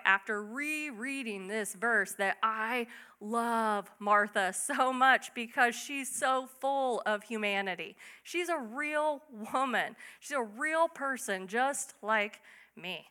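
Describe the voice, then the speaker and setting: A young woman giving a casual, chatty Bible teaching, acting out quick asides. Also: a little high, pushed and bright. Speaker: bible study speaker.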